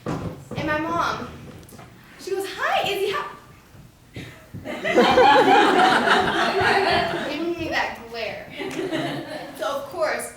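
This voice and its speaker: A young woman with a high, bouncing voice tells a stand-up story on a theater stage, jumping into shrill voices for the people in it. She is heard from far off in an echoey hall. A steady hiss sits under her voice. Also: drawn-out words, pauses often. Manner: animated, acts out quotes in shrill voices. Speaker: stand-up comedian. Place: theater stage with a laughing audience.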